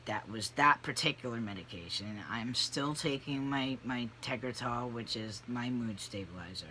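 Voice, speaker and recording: Vlogger, 30s or older, casual confessional delivery, loose and animated, bright tone. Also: medium pitch, normal speed, slight background noise. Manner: rambling, candid, animated with frequent fillers. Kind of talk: casual personal vlog.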